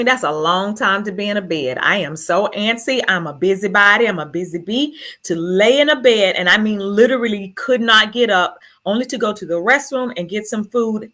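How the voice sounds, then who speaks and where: A woman's voice: mid-range voice, a bit bright. A woman telling her own story to an audience, earnest and emotional, holding back tears. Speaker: speaker sharing her story.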